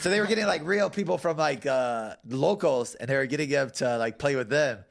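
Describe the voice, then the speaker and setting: A man's voice: mid-range voice, animated, fairly quick, vocal fry. A man, a fighter, telling casual stories as a guest, loose and full of fillers, laughing as he goes. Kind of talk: casual storytelling.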